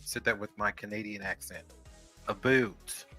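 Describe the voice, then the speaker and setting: A man's voice: medium pitch, wildly swooping pitch, over music. A man co-hosting a casual live podcast, joking in short remarks. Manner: slow, joking. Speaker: co-host.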